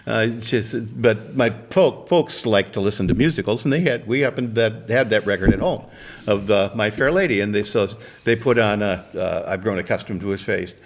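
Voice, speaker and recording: A man's voice: lowish voice, brisk. An older man, a community theater actor, telling stories in a casual chat and laughing often.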